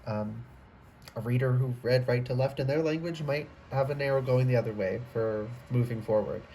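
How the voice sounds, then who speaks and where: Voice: medium pitch, moderate pace, mellow. A tarot reader giving a casual, rambling reading to camera indoors, often trailing off, restarting and becoming emotional. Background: faint computer fan hum.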